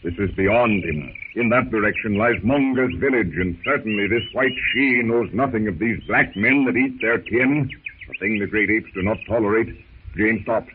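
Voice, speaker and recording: Low-voiced 1930s radio narrator, man. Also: phone-quality sound. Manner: measured, descriptive. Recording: scratchy 1930s radio with hiss.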